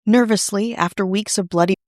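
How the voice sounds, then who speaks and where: A woman's voice: mid-range voice, steady tone, fairly quick, darkish tone, no room sound, clean studio sound. Woman narrating with wry asides. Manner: wry asides in a serious telling. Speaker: podcast host. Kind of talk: scripted storytelling narration.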